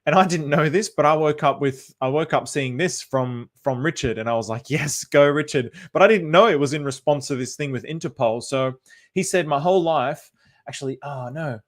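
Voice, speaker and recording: A man's voice: on the high side, a little fast. An Australian man hosting a casual livestream, chatty and upbeat, greeting viewers by name and repeating phrases as he talks. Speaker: livestream host.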